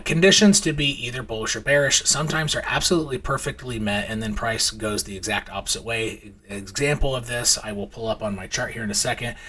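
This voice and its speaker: Thirties male host, casual and rambling; bright, slightly husky tone. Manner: rambling, many fillers and restarts; acts out his kids' voices in high squeals. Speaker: crypto trading channel host. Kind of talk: casual storytelling and chart commentary.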